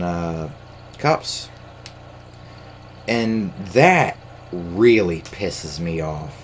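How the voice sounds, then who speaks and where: A man's voice: on the low side, fairly bright tone, a little hiss or hum. A man in young adulthood hosting his own podcast, ranting in a rambling, profane way with lots of fillers and restarts. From United States. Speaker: podcast host. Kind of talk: casual solo rant.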